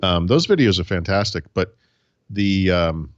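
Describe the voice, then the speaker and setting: A man's voice: deep voice, animated, a little slow, no room sound, lo-fi sound. A man co-hosting a casual tech podcast, talking in a rambling way with many false starts and restarts. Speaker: podcast co-host.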